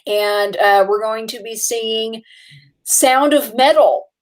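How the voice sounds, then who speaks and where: A young woman chats eagerly about movies, her voice sitting a little high. She talks in bursts full of fillers and laughs, sounding like a relaxed podcast co-host. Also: slow pace. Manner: chatty and excitable, with frequent fillers and laughs. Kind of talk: casual movie chat.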